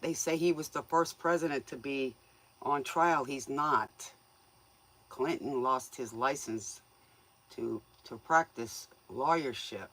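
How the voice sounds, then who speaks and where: A woman's voice: extremely low pitch, takes it slowly, a bit bright. A woman hosting a tarot livestream, chatting casually with viewers in a folksy, joking way, often laughing and playfully scolding them.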